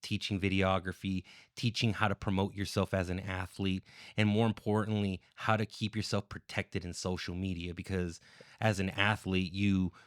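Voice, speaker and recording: A man chats as a podcast guest, earnest and thorough, with the odd "um" as he works through his thoughts. His voice sits deep and smooth. The sound is close and dry. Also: little pitch movement, normal speed, no echo. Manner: earnest, explains at length with fillers. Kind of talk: casual podcast chat.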